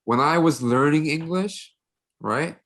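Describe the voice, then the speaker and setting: A man's voice: on the high side, a little slow, a bit bright. A young adult man from Korea, a native Korean speaker, co-hosting a casual podcast chat in a heated, constantly swearing manner. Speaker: podcast co-host.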